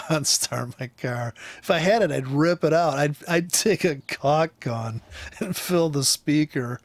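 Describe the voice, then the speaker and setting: A man's voice: on the high side, normal speed, no echo. A man from the United States, a forex trader, ranting in a casual, rambling way over a live chart, swearing freely and laughing often. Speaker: forex trader and trading teacher.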